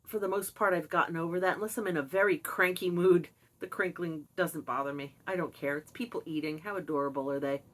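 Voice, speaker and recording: An older woman telling a personal story in a casual, candid way, with animated asides and laughs. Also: fairly low pitch, fairly quick, few pauses, low-quality recording. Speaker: vlogger sharing personal experience.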